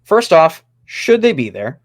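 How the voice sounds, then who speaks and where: A man's voice: on the high side, big pitch swings, a little slow. A man hosting a hockey podcast in casual chat, steering topics with a joking tone. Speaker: podcast host.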